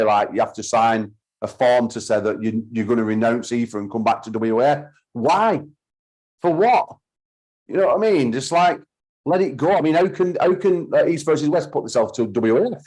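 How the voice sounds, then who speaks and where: A man's voice: mid-range voice, darkish tone, poor audio. A man, host of a call-in talk show, ranting heatedly and swearing often. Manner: heated, sweary, repeats himself. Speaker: podcast host.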